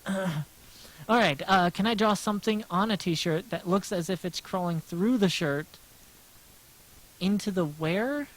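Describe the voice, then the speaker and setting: An American man with a soft, smooth voice chats loosely with his livestream viewers while drawing. He rambles, repeats himself and pokes fun at himself as he answers their questions one after another. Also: sits high, a little slow, pauses often, poor audio. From United States. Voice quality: gentle smooth voice. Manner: rambling, self-deprecating, answers chat aloud. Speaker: livestreaming artist.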